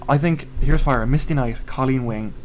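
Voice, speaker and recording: A man's voice: mid-range voice, normal speed, slight background noise. A man rambling through a casual chat, often restarting his sentences. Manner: rambling, restarts, acts out characters' lines. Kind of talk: casual chat about superheroes.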